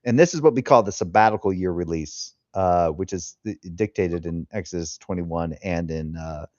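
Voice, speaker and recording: A man hosting a casual live stream, an animated storyteller who acts out the quotes he tells, talking into a headset. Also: low-pitched, normal speed, no echo. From California. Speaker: host. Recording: dull dry headset sound.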